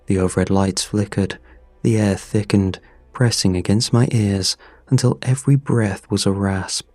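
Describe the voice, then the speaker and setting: A man narrating a scripted horror story in a measured, somber way. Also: fairly low pitch, a little mellow, no echo.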